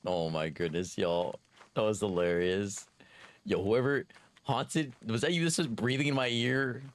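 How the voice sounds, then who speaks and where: A man with a Texan accent chatting excitedly while streaming a game and thanking viewers by name. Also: on the low side, a little slow. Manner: excitable, reads out viewer names and thanks them. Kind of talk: casual gaming stream chat.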